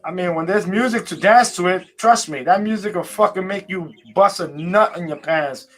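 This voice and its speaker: A man co-hosting a live show, teasing in animated, profane banter and repeating himself. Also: high voice, moderate pace.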